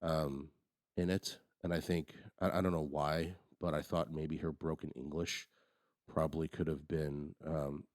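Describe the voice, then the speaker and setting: Very deep-voiced man, rambling podcast chat. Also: little pitch movement, unhurried, a little mellow, dry recording, studio quality. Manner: rambling, frequent restarts and fillers. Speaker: podcast co-host. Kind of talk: casual movie review chat.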